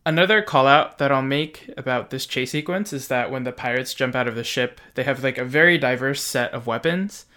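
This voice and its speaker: A man's voice: mid-range voice, pushed and bright. A young man co-hosting a podcast, sharing fun facts in a casual, explanatory way. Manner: shares trivia in a measured, explanatory way. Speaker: podcast co-host. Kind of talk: casual fun-fact chat.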